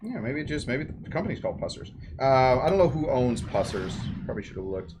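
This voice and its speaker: A man's voice: mid-range voice, very animated, quick pace, background noise. A man hosting a cocktail show, talking casually in a rambling way, interrupting himself with jokey asides. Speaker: host of a drinks show.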